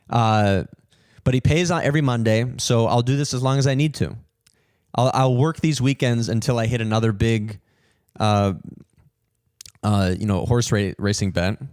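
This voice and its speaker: A young man hosting a podcast, telling a story in an animated, swearing rant and mimicking people in higher voices. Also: normal speed, clear, resonant tone, no echo, clean studio sound. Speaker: podcast host, comedian.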